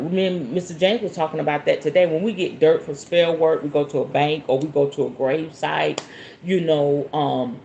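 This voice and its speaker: A Southern woman with a slightly low voice hosts a casual spiritual chat, folksy and talkative. She calls listeners y'all and baby and slips easily into laughter. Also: creaky, mellow, a little hiss or hum. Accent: Southern American. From Southern United States. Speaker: spiritualist host. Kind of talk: casual live talk answering viewer questions.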